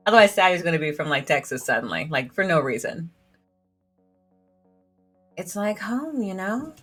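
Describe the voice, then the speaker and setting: A woman's voice: lowish voice, sing-song, a little slow, long pauses, a bit bright, breathy edge, faint music behind. Giggly woman reading a game aloud. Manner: giggly, chatty, fills speech with "like". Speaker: game streamer. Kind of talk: let's play commentary, reading game dialogue aloud.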